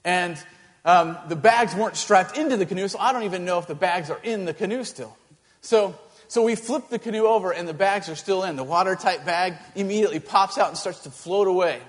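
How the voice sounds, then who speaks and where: A male pastor telling a story in a sermon, animated and halting, with many restarts. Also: high-pitched, big-room sound.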